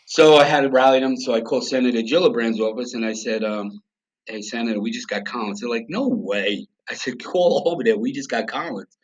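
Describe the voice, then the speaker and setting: A man's voice: mid-range voice, a little fast, poor audio. A middle-aged man, telling stories bluntly and with swearing as a podcast guest. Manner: blunt, profane, animated storyteller. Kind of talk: casual storytelling.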